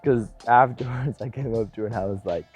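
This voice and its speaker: A young man in missionary training giving a casual vlog update, telling stories in an animated, self-deprecating way and acting out what people said. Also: mid-range voice, a little fast, faint music behind. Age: young adult. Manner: animated storyteller, self-deprecating, acts out quotes.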